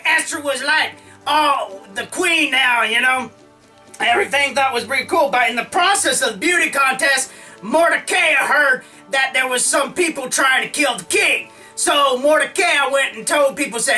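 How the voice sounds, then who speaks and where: A man's voice: extremely high pitch, moderate pace, bright, forceful tone, recorded from a distance, soft background music, poor audio. A man casually retelling an old story in a slangy, comic way, often acting out the characters' lines. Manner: slangy, full of "like", acts out lines.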